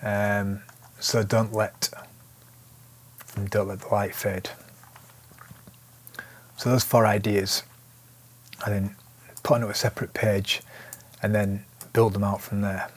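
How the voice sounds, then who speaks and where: Relaxed man teaching songwriting. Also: fairly low pitch, slow pace, pauses often. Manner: relaxed, thinking aloud with restarts. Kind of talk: casual instructional talk.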